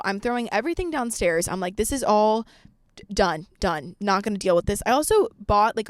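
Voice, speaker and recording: A young adult woman hosting a podcast, telling a story in a casual, animated way, swearing freely and acting out what she said at the time. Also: mid-range voice, no echo, studio quality. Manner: animated, swears a lot, acts out her own past lines. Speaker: podcast host.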